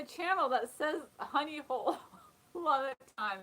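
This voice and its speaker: A woman's voice: sits high, lively intonation, normal speed, pushed and bright, rough recording. A woman hosting a casual live chat, talking in a chatty way, often laughing and reading comments aloud. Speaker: live stream host.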